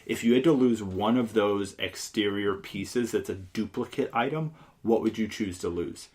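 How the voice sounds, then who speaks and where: A man's voice: on the low side, darkish tone. Chatty young man hosting a podcast. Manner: chatty, loose, with many fillers and quick asides. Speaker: podcast host. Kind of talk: casual chat.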